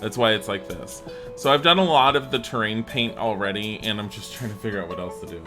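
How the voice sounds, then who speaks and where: A man's voice: lowish voice, brisk, music in the background. A man streaming a building game live, chatting and thinking aloud to viewers and laughing often. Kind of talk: live-streamed gameplay chat.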